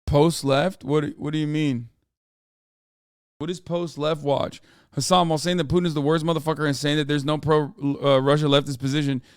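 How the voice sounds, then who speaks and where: A man's voice: fairly high pitch, clean tone, dry recording, clean studio sound. Sarcastic, profane American man streaming. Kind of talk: casual livestream commentary.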